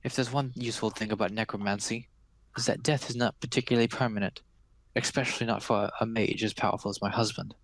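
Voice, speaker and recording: Coolly menacing noble widow, measured and calculating, crisp dry sound, as a game master puts her on. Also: fairly low pitch, steady tone, no room sound. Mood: cool, scheming. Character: scheming cold noble widow of a powerful necromancer.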